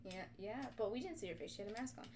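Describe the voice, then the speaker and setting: A young woman co-hosting a podcast, retelling a video game in casual, animated chat full of swearing. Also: mid-range voice, racing, a little hiss or hum. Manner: animated, profane storytelling. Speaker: podcast co-host.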